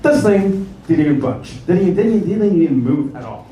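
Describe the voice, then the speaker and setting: A male comedian from Canada tells his stories on stage with animated flair, his pitch leaping around. He sounds a bit high for a man. The recording is roomy, distant and noisy, like a club captured from across the room. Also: brisk. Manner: animated storytelling with acted-out voices. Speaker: stand-up comedian. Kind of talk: stand-up comedy set.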